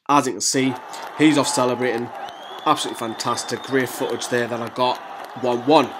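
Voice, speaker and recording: A man hosting a fan channel, chatting excitedly through goal replays in casual football analysis. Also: medium pitch, fairly quick, a crowd in the background, background noise.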